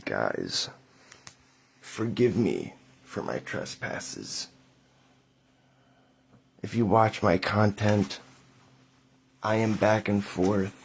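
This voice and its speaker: A young adult man talking to camera in a rambling, mock-theatrical vlog monologue, halting with fillers and wry asides. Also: fairly low pitch, lively intonation, creaky, husky. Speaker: vlogger.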